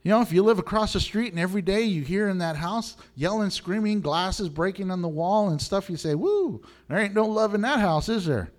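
High-voiced animated man preaching. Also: brisk, hardly any pauses. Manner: animated, laughs often, swings from low to high. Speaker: pastor. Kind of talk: sermon.

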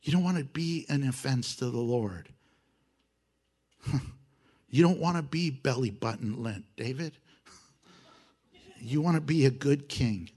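A man preaching a sermon, exhorting his listeners with animated emphasis and chuckles. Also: medium pitch, a little slow, long pauses, husky.

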